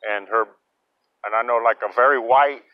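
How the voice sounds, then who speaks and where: A man's voice: medium pitch, normal speed, no room sound. A man chatting casually as the interviewer, interjecting and checking his understanding. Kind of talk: casual chat. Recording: dull lo-fi recording with loud background noise.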